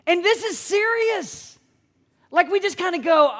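A man, preaching a sermon with emphatic, animated delivery and acted-out quotes. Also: very high voice, a little slow. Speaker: pastor.

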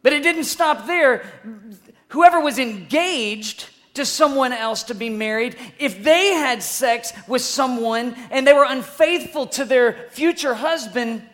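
A preacher telling a story in an energetic sermon, swinging between loud bursts and hushed asides and asking the listeners questions. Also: medium pitch, unhurried.

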